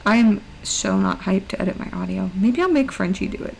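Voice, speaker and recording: A woman's voice: fast, gravelly, few pauses, a little mellow, slight background noise, poor audio. A woman streamer chatting casually while she draws, her voice cracking now and then after a long recording session, playful and self-teasing. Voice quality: high, mousy voice. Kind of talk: casual live-stream chat while drawing.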